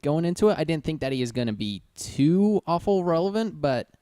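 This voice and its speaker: Casting: male co-host, smooth clear voice, dry close sound, relaxed explainer. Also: fairly high pitch, a little fast, no echo. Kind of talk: casual podcast chat.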